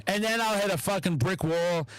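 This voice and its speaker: A podcast host, a man with a notably high-pitched voice, talks in a loose, animated way, swearing often and slipping into acted-out quotes. The sound is very dry, with no room around it. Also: normal speed, dry recording, low-quality recording. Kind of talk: casual podcast chat.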